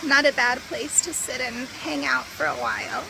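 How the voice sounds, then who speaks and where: A high-pitched woman talks chattily to her viewers as she films herself on a solo road trip. Her easy, unscripted chat comes through a camera mic with clear background noise around her voice. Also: very animated, normal speed. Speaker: travel vlogger. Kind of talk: casual solo vlog chat.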